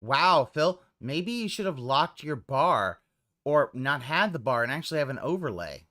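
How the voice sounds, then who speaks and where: Sarcastic guy roasting someone on stream, slightly high voice, swears a lot. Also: big pitch swings, moderate pace, bright, forceful tone. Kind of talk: casual livestream chat.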